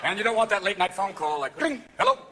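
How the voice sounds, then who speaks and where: A man in his fifties delivers a rapid-fire stand-up routine in a very high voice, constantly leaping into character voices. The live recording carries clear room ambience behind him. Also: heavy background noise. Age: 50s. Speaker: stand-up comedian.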